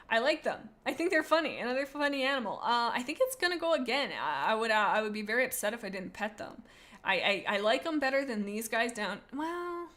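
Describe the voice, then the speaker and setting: A young adult woman streaming, chatting casually in a rambling, excitable way as she gushes about cute animals. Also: a little high. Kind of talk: casual livestream chat.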